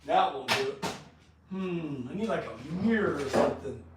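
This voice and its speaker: A man's voice: on the high side, lively intonation, moderate pace, noisy background. A man streaming from his metal workshop, chatting loosely with viewers and fussing over his dogs. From California. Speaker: blacksmith streamer. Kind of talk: casual livestream chat.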